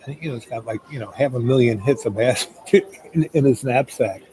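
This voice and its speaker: A man's voice: mid-range voice, brisk, warm tone, low-quality recording. A middle-aged man telling a long anecdote in a loose, rambling way, full of fillers. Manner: rambling, full of "um" and "you know". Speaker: storyteller. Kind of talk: casual spoken anecdote. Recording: crowd chatter in the background.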